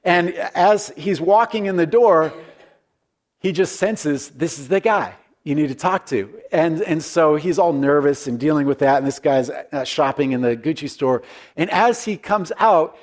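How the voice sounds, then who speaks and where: A man preaching a conversational sermon as a pastor, telling stories in an earnest, folksy way with frequent restarts. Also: on the high side.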